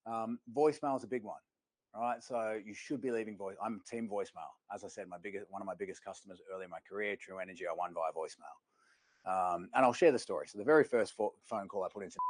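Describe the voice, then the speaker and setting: Male sales trainer, low voice, rapid energetic workshop delivery. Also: dry recording. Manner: energetic storyteller, addresses the room.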